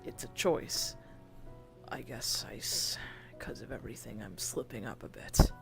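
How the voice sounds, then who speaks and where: A man's voice: medium pitch, lively intonation, unhurried, creaky, soft background music. A man playing an irritable young man who swears often and sighs, trying to speak formally while a drawl slips in. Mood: exasperated. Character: grey-haired young man, irritable and touchy. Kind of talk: voice role-play in a virtual world.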